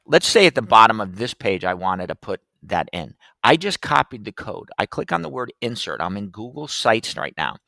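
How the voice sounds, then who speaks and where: Gravelly low-voiced man giving a tech demo. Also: sharp tone, no echo. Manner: chatty, step-by-step, loose with fillers. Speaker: podcast host teaching classroom tech. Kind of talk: casual screen-share walkthrough.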